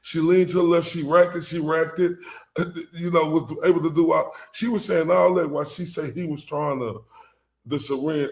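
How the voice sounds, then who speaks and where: A man's voice: on the high side, steady tone, normal speed, a little hiss or hum. A man hosting a reaction commentary on trial footage. He talks in mocking, incredulous asides, often breaking into laughter. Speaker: commentary host.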